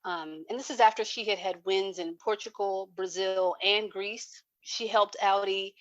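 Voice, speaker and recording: A woman's voice: medium pitch, fairly even intonation, measured pace, a bit bright, no echo. Chatty woman co-host, dry dull mic. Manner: chatty, many um fillers. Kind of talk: casual chat, reading facts.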